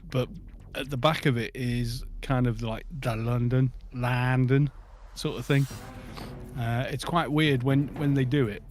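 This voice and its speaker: A man's voice: medium pitch, steady tone, measured pace. A man with a Scottish accent chatting casually with friends in a game voice chat, rambling and restarting his sentences. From Scotland. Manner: rambling, restarts often, chuckles. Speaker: gamer on a group voice chat.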